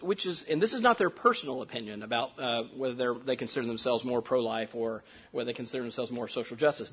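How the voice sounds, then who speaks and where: A man's voice: mid-range voice, slightly rough. A man presenting survey research findings to an audience, explaining step by step with many "uh"s and rhetorical "right?" questions.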